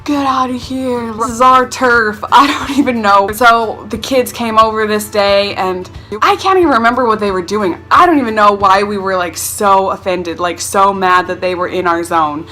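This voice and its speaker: A young woman vlogger telling her childhood stories in a casual, animated, self-mocking way, acting out the people in them. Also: medium pitch, moderate pace, soft background music. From North Carolina. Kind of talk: casual storytelling to camera.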